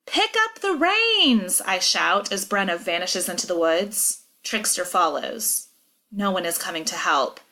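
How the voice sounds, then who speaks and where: A woman teacher reading a chapter book aloud, acting out the dialogue expressively. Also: unhurried. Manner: expressive, acts out dialogue with big pitch jumps. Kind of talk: read-aloud storytelling.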